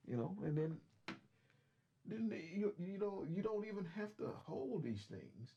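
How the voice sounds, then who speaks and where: A man's voice: high-pitched, sing-song, a little slow, warm tone, muffled recording, slight background noise. A trucker in his fifties chatting casually on a live stream from his truck cab. He rambles bluntly and swears freely, filling his talk with "you know". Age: 50s.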